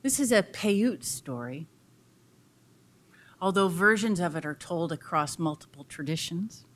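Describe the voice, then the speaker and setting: A woman giving a public lecture who tells a folk tale in an expressive, dramatic way. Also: lowish voice, unhurried.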